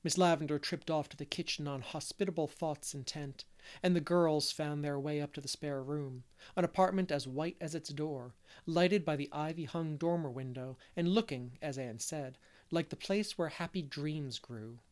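A man reading a classic novel aloud as narrator, gentle and unhurried, with the odd stumble. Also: on the high side. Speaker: audiobook reader. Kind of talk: storybook narration.

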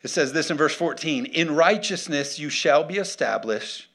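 A man's voice: fairly high pitch, expressive, moderate pace, a bit bright. Casual preaching man, call-and-response. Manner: conversational, calls for audience responses. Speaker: pastor. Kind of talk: sermon.

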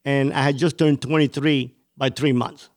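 A man's voice: mid-range voice, steady tone, normal speed. A man from Cuba telling his life story as an interview guest, intense and vivid.

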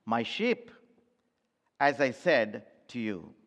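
A man's voice: mid-range voice, very animated, slow, a bit bright. A man preaching a sermon as pastor, emphatic and addressing the congregation directly as church. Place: church sanctuary. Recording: long hall reverb.

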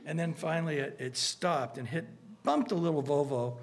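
A man gives an earnest, conversational sermon in a somewhat high voice. He is animated and keeps restarting his phrases as he talks. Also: normal speed, gravelly. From United States. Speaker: pastor.

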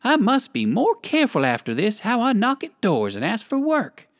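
Uncle Wiggily, a polite old gentleman rabbit, as a reader puts him on. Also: medium pitch, huge pitch swings, normal speed, no room sound, studio quality, pitched above the performer's own voice. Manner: polite, earnest. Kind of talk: storybook character voice.

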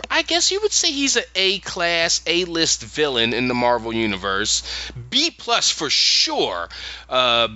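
Animated, rambling man recapping a story. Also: a little high, a little slow, highs cut off. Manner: rambling, animated, many restarts. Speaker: podcast co-host.

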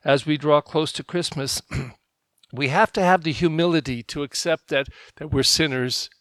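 A male pastor giving a conversational homily, telling stories and getting animated when he quotes people. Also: fairly high pitch, unhurried, no room sound. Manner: storytelling, animated when quoting others.

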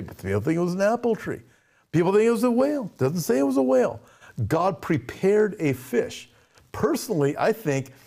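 Animated male pastor preaching. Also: fairly high pitch. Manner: animated, conversational, acts out quotes. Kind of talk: sermon.

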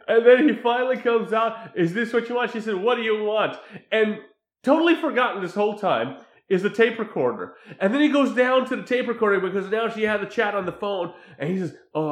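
High-voiced man laughing through a recap. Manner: animated, laughing, acts out scenes. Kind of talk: casual chat recapping a movie. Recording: echoey room.

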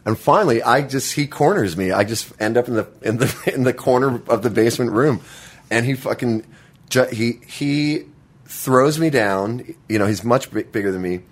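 A man telling a childhood story in a casual chat, halting and restarting often and swearing freely. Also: medium pitch. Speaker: guest.

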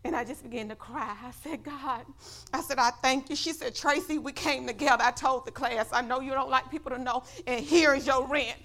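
A woman pastor preaching a sermon in church, telling a personal story and building up to shouts of praise. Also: high-pitched, fairly even intonation, a little fast.

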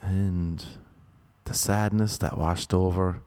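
Irish man, stand-up comic, rambling anecdotes, deadpan, lowish voice. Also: normal speed. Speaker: comedian. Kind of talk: stand-up storytelling.

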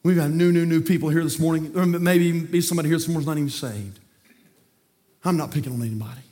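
A man preaching a fiery sermon, folksy and repetitive, swinging from quiet talk to shouting. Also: fairly high pitch, fast talker. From North Carolina, USA. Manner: folksy, repeats words. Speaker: pastor.

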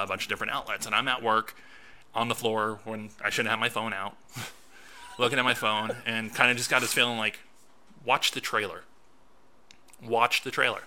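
A man co-hosting a casual podcast. He tells his story with animation and acts out his own reactions. His voice sits low, and his tone is very bright. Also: level tone, fairly quick, slight background noise. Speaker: podcast co-host and film critic.

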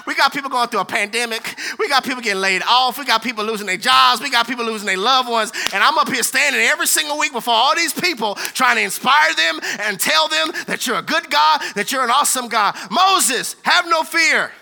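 High bright-voiced preacher man. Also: a little fast, vocal fry. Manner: animated preaching with acted-out voices and laughter. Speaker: pastor. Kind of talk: sermon.

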